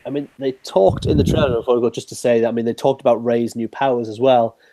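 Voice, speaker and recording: A man co-hosting a podcast in casual chat, excitable and quick to laugh. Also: medium pitch, no echo. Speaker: podcast co-host. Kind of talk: casual fan discussion.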